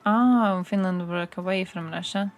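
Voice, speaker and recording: A woman's voice: fairly low pitch, unhurried, faint music behind. A young woman from Croatia chatting on a live stream, sarcastic and swearing freely as she reads things out from her screen. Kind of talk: casual live-stream chat.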